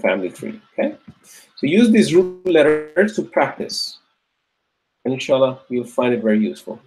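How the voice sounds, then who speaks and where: A man with a medium-pitched, very animated voice teaches an Arabic grammar class over music. He patiently repeats words slowly aloud, drilling them and checking that his students keep up.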